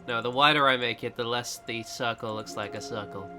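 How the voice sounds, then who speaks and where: A man's voice: mid-range voice, steady tone, brisk, over music. A man co-hosting a casual gameplay video, joking and rambling as he plays and mocks himself. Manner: jokey, rambling, self-mocking. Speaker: gaming co-host.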